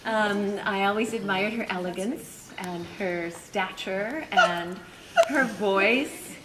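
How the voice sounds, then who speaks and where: A woman voice teacher on a convention panel, leading vocal warm-ups in a playful, animated way and laughing often. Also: mid-range voice, slow, distant mic, slight background noise. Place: large convention hall with audience. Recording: echoey hall, loud crowd.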